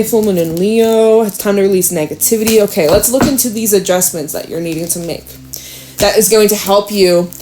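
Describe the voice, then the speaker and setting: A woman giving a casual, frank tarot reading to her viewers, chatty and quick to swear and laugh. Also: mid-range voice, warm tone, slight background noise. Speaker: tarot reader.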